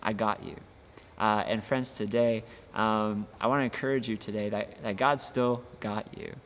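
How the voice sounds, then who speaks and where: A young man, a youth pastor, talks on a casual devotional podcast, sounding earnest and encouraging while using frequent fillers. His voice sits on the low side with a fairly bright tone, fairly even intonation and normal speed, heard through long reverb and faint ambient noise.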